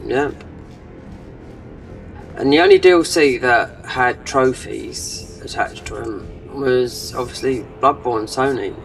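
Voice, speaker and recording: Rambling gamer talking over play; mic at a distance, faint music behind. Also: male voice, mid-range voice, very animated, slow pace, gravelly. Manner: rambling, trailing off, many fillers. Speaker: gaming channel host. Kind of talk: casual gameplay commentary.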